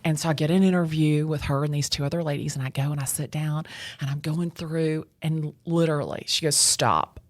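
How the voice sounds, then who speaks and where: A woman, telling her career story as an interview guest in a lively, bubbly way, acting out what people said. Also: low voice, brisk, no room sound. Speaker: real estate agent, guest. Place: real estate association office.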